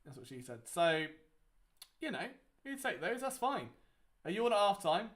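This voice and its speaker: Here a young watchalong host talks a little slowly in a high, fairly bright, very animated voice. He keeps up casual live game commentary that's chatty, rambling, and full of fillers.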